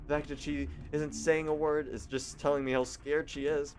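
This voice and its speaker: A man's voice: on the high side, flat delivery, normal speed, darkish tone. A young man hosting a gaming channel, reading a visual novel aloud in a goofy, sarcastic manner.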